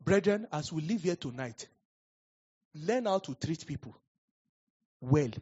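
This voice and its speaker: Husky Nigerian preacher telling stories. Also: male voice, on the high side, a little slow. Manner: animated storyteller, laughs often, acts out quotes. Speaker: pastor. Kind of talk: sermon with storytelling. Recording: dull lo-fi sound.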